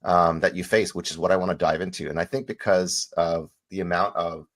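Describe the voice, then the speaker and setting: A man's voice: deep voice, fairly even intonation, a bit bright. A man hosting an interview podcast, chatting casually and often restarting his words as he tells a story. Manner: halting, repeats words while telling a story. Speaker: podcast host.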